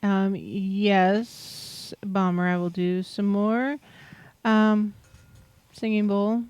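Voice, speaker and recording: A woman's voice: mid-range voice, fairly even intonation, extremely slow, a little mellow, clear, resonant tone, dry recording. A woman hosting a casual livestream, talking through a spiritual topic in a rambling way with many fillers. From Pacific Northwest, USA. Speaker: host. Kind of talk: casual livestream chat about chakras.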